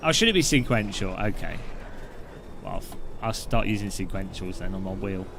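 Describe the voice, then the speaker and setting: A man's voice: low-pitched, lively intonation, moderate pace, vocal fry, background noise. A man giving casual, joking commentary while driving a racing sim, chatty and rambling with frequent laughs and restarts. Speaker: sim racing video host.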